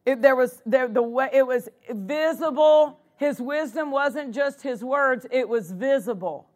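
Woman pastor, high voice, unhurried sermon delivery, church sanctuary. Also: a little mellow. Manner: preaching with repeated exclamations of praise.

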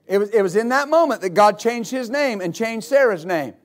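A male pastor preaching a sermon, rising into repeated, shouted exhortations to his congregation. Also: sits high, lively intonation, fairly quick. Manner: builds to shouted, repetitive exhortation.

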